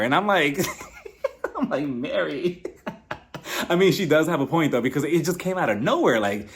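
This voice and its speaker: A man's voice: high-pitched, moderate pace. A young man giving a casual, opinionated recap of a reality show, acting out quotes and laughing as he mocks the cast. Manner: animated, mocking, acts out quotes with laughs.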